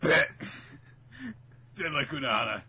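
A man casually recapping an anime episode with a co-host, acting out the characters in quick put-on voices and laughing often. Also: mid-range voice, noisy background. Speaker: podcast co-host.

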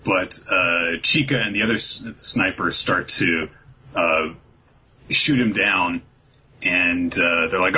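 A man's voice: low-pitched, slow pace, breathy edge, poor audio. A man hosting a casual chat, recapping a comic's plot in an easygoing way and acting out characters' lines. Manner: animated, acts out characters' lines with laughs. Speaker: podcast host recapping a manga.

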